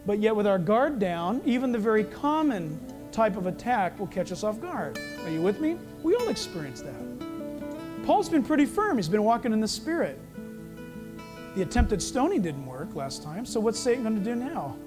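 A man's voice: high voice, moderate pace, over music. A man preaching a sermon as pastor, telling stories and acting out the dialogue. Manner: animated storytelling, acting out dialogue.

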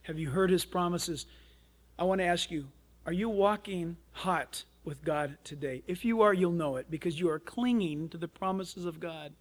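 A man preaching with a high, light voice. He tells a story with lots of energy and acts out the voices of the people in it. The talk is a sermon for radio. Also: normal speed. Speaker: pastor.

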